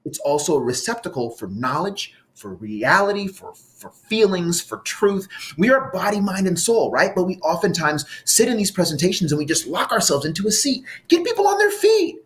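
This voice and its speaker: A middle-aged man giving an animated conference talk, leading his listeners in vocal exercises. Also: high-pitched, moderate pace. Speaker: conference speaker and facilitator. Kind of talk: conference talk with audience participation.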